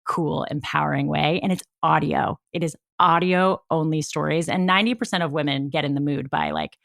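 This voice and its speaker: A woman's voice: low voice, lively intonation, a little fast, creaky, a bit bright, dry recording, studio quality. A woman co-hosting a podcast, reading a sponsor spot in a chatty, enthusiastic way that trails off mid-sentence. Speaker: podcast co-host. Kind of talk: casual ad read.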